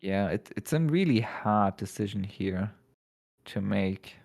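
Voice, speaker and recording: A man giving color commentary on a card game match, unhurried and slightly halting. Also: on the low side, lively intonation, vocal fry, a little mellow. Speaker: esports co-caster.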